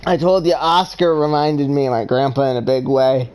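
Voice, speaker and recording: A podcast co-host in casual chat who speaks haltingly, with repeated false starts. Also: medium pitch, darkish tone, clear, resonant tone, poor audio.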